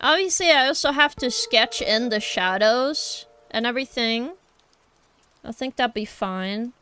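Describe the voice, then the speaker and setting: A woman's voice: fairly high pitch, a little slow, sharp tone, a little hiss or hum. A young woman with a Norwegian accent, chatting casually with her stream chat while drawing, rambling and addressing viewers directly.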